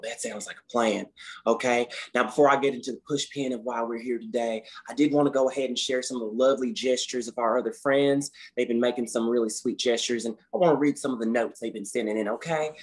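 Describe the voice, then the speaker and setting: A man's voice: medium pitch, quick pace, natural voice. A man playing a folksy, fussy office manager on a conference call who keeps tacking "okay?" onto his sentences. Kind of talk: scripted comedy sketch on a conference call.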